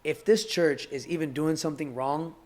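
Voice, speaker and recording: A young man talking as a podcast guest in casual conversation, heartfelt and halting, often repeating words as he searches for them. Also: fairly high pitch, fairly even intonation, a little mellow.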